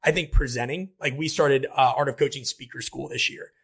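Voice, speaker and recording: A man who coaches, guesting on a podcast, talking in a quick, animated way and making analytical points. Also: mid-range voice, breathy edge. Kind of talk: casual podcast chat.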